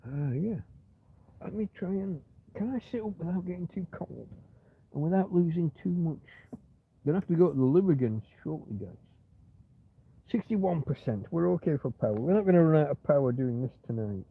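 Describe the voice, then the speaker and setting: Husky man rambling on a tinny stream. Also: fairly high pitch, expressive, normal speed, no echo. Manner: rambling, muttering, talks softly to his companion at times. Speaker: livestream host. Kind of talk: rambling casual livestream chat. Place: in bed on a cold night. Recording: tinny phone-like livestream audio.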